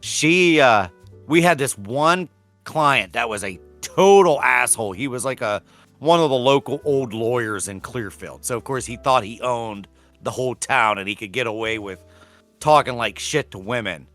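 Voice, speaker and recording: A man with a bright, mid-pitched voice tells relaxed stories in casual podcast chat. He laughs often and swears offhandedly. Faint music sits in the background. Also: normal speed. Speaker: podcast co-host.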